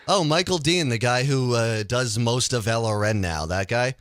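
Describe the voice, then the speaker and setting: A man's voice: mid-range voice, normal speed, no room sound. A man hosting a casual call-in radio show, ranting with energy and stumbling over his words. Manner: animated, ranting, stumbles and restarts.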